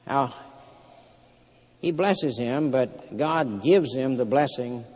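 A man's voice: medium pitch, animated, a little mellow. Preacher man in a reverberant hall. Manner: plain storytelling with frequent pauses and fillers. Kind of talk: sermon retelling scripture.

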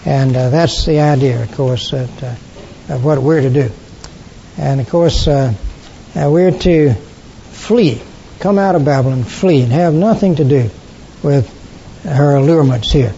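An older man teaching a Bible study class, halting with frequent fillers and throat clearing. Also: dark tone. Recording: dull lo-fi recording with faint rumble.

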